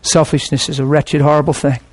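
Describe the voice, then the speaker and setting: A man's voice: fairly high pitch, level tone, brisk, darkish tone, slightly rough. A middle-aged man, a pastor, preaching a sermon in a passionate, conversational way.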